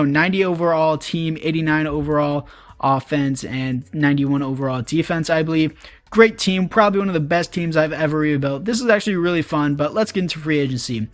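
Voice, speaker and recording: A man's voice: on the high side, dry recording. A young man giving casual, chatty commentary over a video game as a YouTuber, talking to his viewers. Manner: chatty, upbeat, addresses viewers as boys. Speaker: gaming YouTuber.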